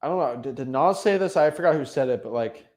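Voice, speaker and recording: A young man giving casual motivational advice as a real estate coach, animated, often repeating and restarting words. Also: medium pitch, quick pace. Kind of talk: casual motivational vlog talk.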